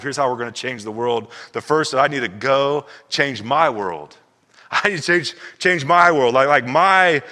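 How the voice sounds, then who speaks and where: A man's voice: medium pitch, sharp tone, long reverb tail. A man preaching a sermon as pastor, emphatic and repeating himself as he builds his points. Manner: emphatic, repeats words, acts out quoted voices.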